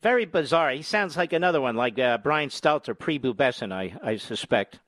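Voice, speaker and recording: A man's voice: mid-range voice, lively intonation, moderate pace, no echo. Man, talk radio host, sarcastic, combative, dry close sound. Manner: sarcastic, mocking, bursts into shouted insults.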